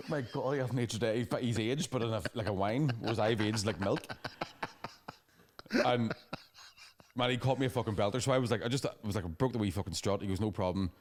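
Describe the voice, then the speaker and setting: Guy podcasting, talks fast n swears a lot, kinda low voice. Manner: fast, sweary storytelling with laughing asides. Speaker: podcast co-host. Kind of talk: casual chat.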